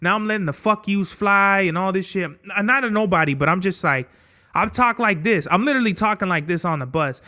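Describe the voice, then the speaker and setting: A young man with a slightly high voice tells a travel story on his podcast in loose, casual speech. He talks bluntly, swears constantly and stays animated throughout. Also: brisk. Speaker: podcast host.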